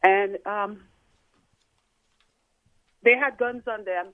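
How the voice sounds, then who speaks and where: A woman calling in and recounting her experience in an emotional, halting way. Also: medium pitch, no echo. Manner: tearful, halting. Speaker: caller. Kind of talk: emotional phone-in account. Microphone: telephone. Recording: tinny phone line.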